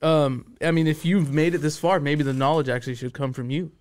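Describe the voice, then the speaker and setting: A man's voice: fairly high pitch, fairly even intonation, fairly quick, a little mellow. A man co-hosting a podcast, talking casually and asking thoughtful questions. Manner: thoughtful, asks questions about past episodes. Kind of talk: casual chat.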